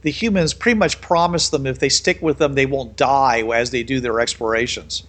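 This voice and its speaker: A man's voice: medium pitch, normal speed, a bit bright. A man co-hosting a casual chat about a roleplaying game, thoughtfully explaining the setting.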